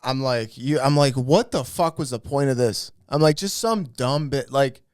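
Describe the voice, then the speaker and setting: A man's voice: medium pitch, moderate pace, a little mellow, smooth, no echo, studio quality. A man co-hosting a comedy podcast, telling profane, ranting stories in casual chat. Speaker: podcast co-host.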